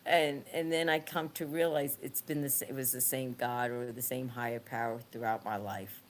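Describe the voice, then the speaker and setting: Woman with a low voice, casual interview guest, halting and restarting, laughs easily, faint noise behind. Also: steady tone. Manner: halting, repeats words and restarts often; laughs easily while telling stories. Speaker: podcast guest, former nun and author.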